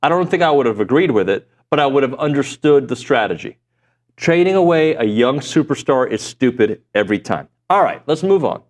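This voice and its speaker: A man's voice: mid-range voice, lively intonation, brisk. A man hosting a sports talk show, joking and reading sponsor plugs. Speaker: radio show host.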